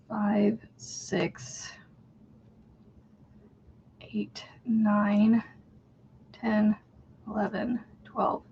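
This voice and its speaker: A woman's voice: a little high, vocal fry, husky, lo-fi sound. A woman hosting a crochet livestream, chatting casually, greeting viewers by name and counting stitches under her breath.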